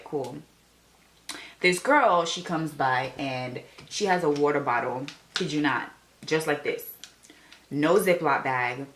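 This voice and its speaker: A young woman vlogger telling an animated storytime, acting out the people she quotes. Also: deep voice. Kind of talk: storytime vlog.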